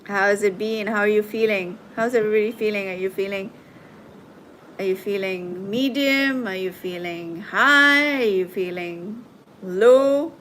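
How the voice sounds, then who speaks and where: A woman hosting a live tarot and coaching stream, talking gently and reassuringly to her viewers as she reads their comments. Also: mid-range voice, a little hiss or hum, low-quality recording. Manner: soothing, reassuring, slow and gentle.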